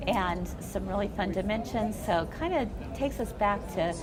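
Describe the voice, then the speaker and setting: A woman hosting a casual quilt-shop chat show, telling stories in a chatty, animated way. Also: mid-range voice, normal speed, over loud music.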